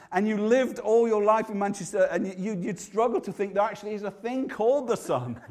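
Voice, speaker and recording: A man's voice: high voice, darkish tone. A man with a Yorkshire accent preaching a sermon in a conversational, humorous way, often restarting his sentences.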